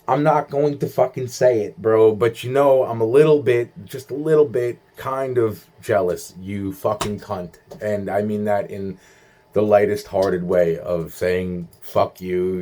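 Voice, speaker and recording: A man's voice: lowish voice, dark tone. A young man rambling in a profane monologue, stumbling through restarts and acting out quoted voices.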